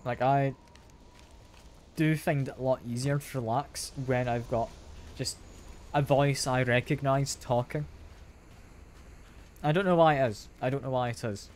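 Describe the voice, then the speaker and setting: A man's voice: medium pitch, steady tone, measured pace, long pauses, a little hiss or hum. A young man with a mild Scottish accent, chatting casually to his live-stream viewers while gaming at home on a sensitive desk mic. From Scotland. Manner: chatty, self-deprecating, answers chat aloud with soft laughs.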